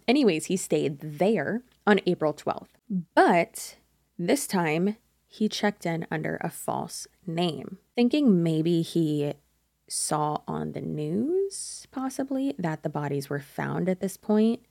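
Young woman, casual true crime host, chatty and self-correcting, low voice with vocal fry. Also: lively intonation, a little slow, mellow, dry recording, studio quality.

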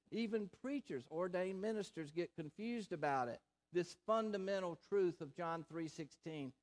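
High-voiced man preaching slowly. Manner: slow, deliberate preaching with emphatic repetition. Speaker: pastor. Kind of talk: sermon.

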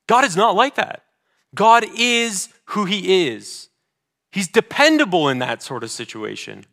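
A pastor delivers a sermon in a bright, somewhat high voice. He is earnest, swinging from forceful declarations to hushed, deliberate readings of scripture. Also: sing-song, creaky. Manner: reads scripture slowly and deliberately.

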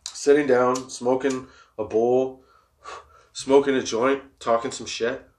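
A man's voice: medium pitch, level tone, takes it slowly, a little mellow, a little hiss or hum. A young man hosting a podcast, talking casually and rambling, swearing a lot and laughing often. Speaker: podcast host. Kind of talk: casual stoner monologue.

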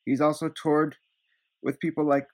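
A man's voice: fairly high pitch, little pitch movement, normal speed, darkish tone. A man hosting a podcast, introducing his guest with a few fillers. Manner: reads the guest bio with fillers. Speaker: podcast host.

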